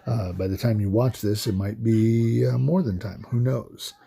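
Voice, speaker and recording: Soft-spoken man with a husky voice. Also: fairly low pitch. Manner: halting, soft-spoken, many fillers. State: emotional, voice breaking. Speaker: card game streamer. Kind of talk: casual gameplay commentary.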